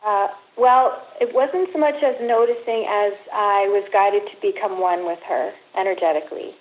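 A middle-aged woman telling a personal story as a guest and reading from her own book in a halting, earnest way. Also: medium pitch. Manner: halting, earnest, pauses often. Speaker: guest, mother and author. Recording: dull lo-fi sound.

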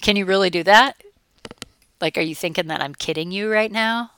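A middle-aged woman coach giving a chatty, animated motivational talk, now and then acting out her clients' voices. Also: medium pitch, normal speed, a little hiss or hum.

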